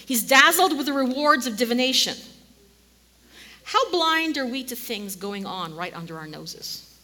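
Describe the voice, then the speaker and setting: A woman preaching a sermon, telling the story in an animated way and sometimes dropping to a near-whisper. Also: a little high, measured pace. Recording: long hall reverb.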